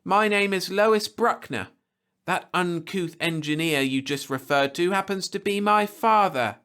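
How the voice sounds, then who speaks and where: Bold and proud, this young frontier woman scolds and lectures with a sharp, indignant edge, as a man reading the story puts her on. Her voice sits well above the reader's own and leaps around as she gets fired up. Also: a little high, lively intonation, measured pace, pitched above the performer's own voice. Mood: angry, indignant.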